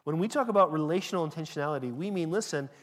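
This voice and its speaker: A man preaching with a fairly high voice that rings out in a long hall reverb. He talks in a conversational, emphatic way and often stumbles over the start of a phrase. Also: animated, rapid-fire. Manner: conversational, emphatic with frequent restarts. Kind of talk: sermon.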